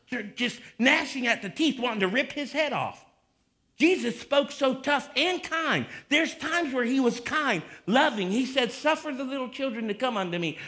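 A man preaching with a high, ringing voice that cuts through. He is confrontational and taunting, dropping into scornful asides before rising to a shout. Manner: confrontational, swings from mocking mutters to shouting. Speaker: pastor. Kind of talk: fiery sermon.

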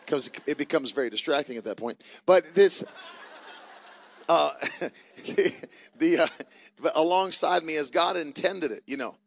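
A man in his thirties, a traveling preacher, telling jokey family stories from the pulpit with loud bursts. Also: on the high side, expressive, unhurried, vocal fry, long pauses. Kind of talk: church announcements and family stories. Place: church service.

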